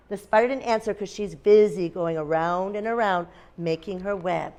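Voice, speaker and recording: A woman's voice: medium pitch, moderate pace, few pauses, darkish tone. A woman teacher in a classroom, reading a picture book aloud to young children, asking them questions and making animal sounds. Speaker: kindergarten teacher.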